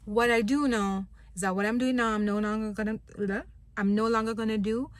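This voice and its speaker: A young woman's fairly high voice comes out brisk and flat as she vents to camera in a vlog, frustrated, blunt, and swearing constantly about wanting to leave her job. The recording is dry.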